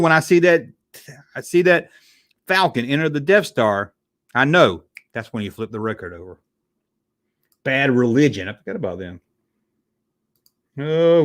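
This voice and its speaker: A man with a fairly high voice that swoops up and down, chatting loosely on a live stream. He rambles and reacts to chat, swears casually and stumbles into stammered restarts.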